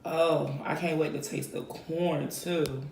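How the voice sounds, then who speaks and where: Woman mukbang vlogger, gravelly and drawn-out, humming over food, faint background noise. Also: deep voice, fairly even intonation. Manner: savoring food aloud with frequent hums; thanking viewers warmly. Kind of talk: mukbang eating talk. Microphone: close mic picking up eating sounds. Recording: echoey room, faint noise.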